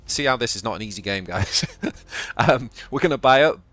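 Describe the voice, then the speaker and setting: This man, a channel host with a Yorkshire accent, gives casual commentary on the card game he's playing, thinking aloud and often tripping over and repeating words. His mid-range voice is animated and fairly bright, at normal speed.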